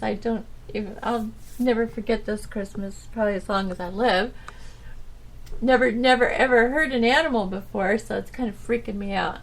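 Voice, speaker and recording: A woman hosting her own internet radio show, talking in a halting, rambling, subdued way with nervous little laughs. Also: a little high. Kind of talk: casual rambling monologue.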